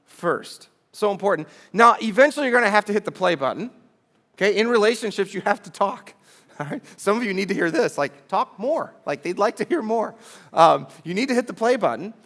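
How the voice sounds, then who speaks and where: A man's voice: high-pitched, fairly bright tone. A middle-aged man preaching a sermon in church, talking conversationally and asking the audience rhetorical questions. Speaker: pastor.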